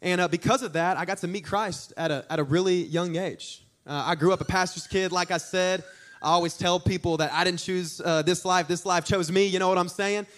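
A young man preaching a sermon, telling stories in an animated, joking way with asides to the congregation. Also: high-pitched, fairly quick. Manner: animated, jokey storytelling with audience asides. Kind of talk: storytelling sermon.

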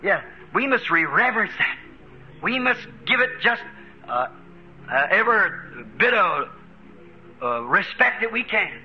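An American man preaching a fervent sermon, chuckling between lines and rising to shouts. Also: high voice, big pitch swings, a little slow, pauses often, lo-fi sound, a little hiss or hum. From United States.

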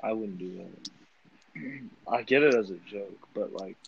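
A man in a casual chat, cutting in with excitable jokes. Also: lowish voice, slow pace, creaky, a crowd in the background. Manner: excitable, joking interjections. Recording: slightly dull lo-fi sound.

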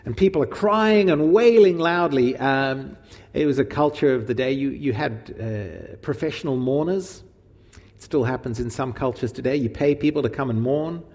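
With a long reverb trailing his words, a man with a mid-range voice preaches from the Gospel at normal speed. His sermon is informal and animated, and he keeps questioning the audience along the way.

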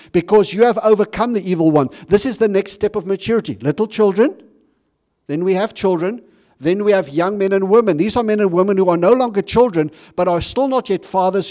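A man's voice: high-pitched, darkish tone. A man preaching a sermon in a conversational way, with frequent restarts and questions to the congregation. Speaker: pastor.

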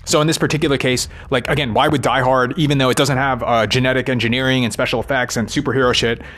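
A man talks through his ideas about movies in a loose, rambling monologue. His pitch sits right in the middle for a man. He swears freely and keeps tagging his thoughts with a quick "right?". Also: fairly even intonation, fairly bright tone. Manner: rambling, profane, constant "right?" tags.

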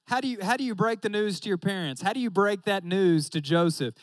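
High-voiced young preacher joking with the crowd. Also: male voice, fairly quick, no echo. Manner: joking, talks straight to the audience with "y'all". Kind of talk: casual sermon.

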